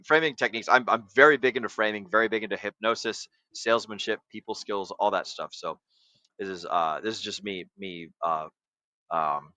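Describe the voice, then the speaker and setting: Bright-voiced man lecturing casually. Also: fairly low pitch, no echo, poor audio. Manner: lecturing, profane, coaching tone. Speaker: podcast host. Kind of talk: casual livestream chat.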